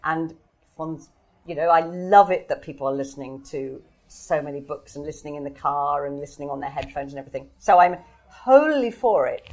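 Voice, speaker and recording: A woman's voice: deep voice, expressive, fairly quick, darkish tone. A woman author speaking in a live question-and-answer session, thoughtful and hesitant, often restarting her sentences. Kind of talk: live Q&A conversation.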